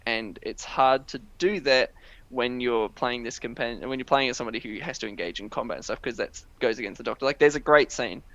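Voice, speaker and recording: A man's voice: mid-range voice, a little fast, fairly bright tone, lo-fi sound. A young man co-hosting a casual podcast chat, rambling with many fillers as he retells scenes. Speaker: podcast co-host.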